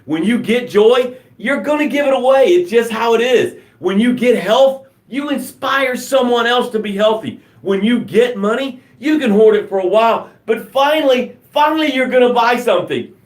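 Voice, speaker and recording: A man's voice: very high voice, moderate pace, few pauses, echoey room. A man hosting a live motivational broadcast, talking with enthusiasm and a preachy, joking manner. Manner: enthusiastic, preachy, jokes and laughs at himself. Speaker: motivational show host.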